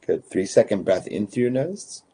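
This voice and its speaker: Man, breathwork guide, very low voice, husky, calm counted instructions. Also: moderate pace.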